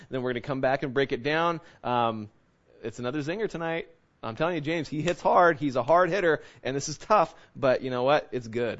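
A man preaching a conversational sermon, lively and full of fillers and restarts. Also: on the high side, lo-fi sound. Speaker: pastor.

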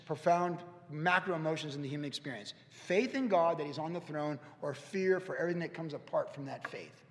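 A man in his fifties preaching a heartfelt, storytelling sermon, his voice gravelly and a little higher than most. He talks with sincere pauses and restarts. The sound carries the long echo of a church hall. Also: expressive. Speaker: pastor. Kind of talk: conversational sermon. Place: church sanctuary.

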